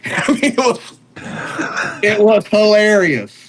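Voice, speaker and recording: Animated storytelling man. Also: high-pitched, a little fast, slightly rough. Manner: animated, acts out voices in anecdotes. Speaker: aid volunteer telling stories. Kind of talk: casual storytelling.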